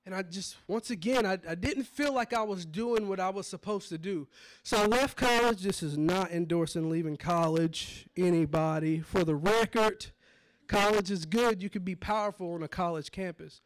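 A man preaching his testimony, telling it dramatically and swinging from hushed low moments to shouts. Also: moderate pace. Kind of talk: testimony sermon.

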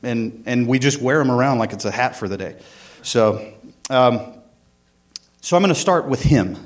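A man's voice: medium pitch, lively intonation, moderate pace. A man, a church worship director giving a casual, rambling sermon with prayer and a joke, full of ums and uhs. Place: church sanctuary.

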